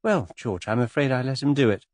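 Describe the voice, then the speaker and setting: A man reading an audiobook, voicing a witty young English society woman in an airy, teasing, quietly amused manner. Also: mid-range voice, animated, a little fast, no echo, clean studio sound, natural voice.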